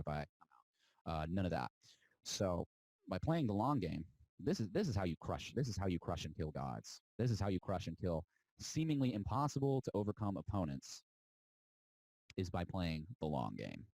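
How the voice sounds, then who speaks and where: A man's voice: sits low, lively intonation, moderate pace, a little mellow, dry recording, poor audio. A man delivering an impassioned, defiant monologue as a podcast host, mocking and preachy, drawing out words for emphasis.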